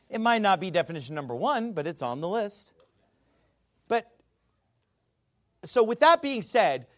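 High, animated, emphatic male commentator. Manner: emphatic, scornful, repeats words, bursts into shouting. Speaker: Bible commentator. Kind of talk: animated video monologue.

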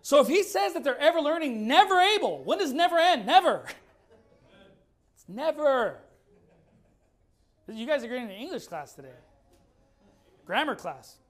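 A man preaching a sermon, firing rhetorical questions and reading scripture slowly and deliberately. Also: high-pitched. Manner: emphatic, fires rhetorical questions.

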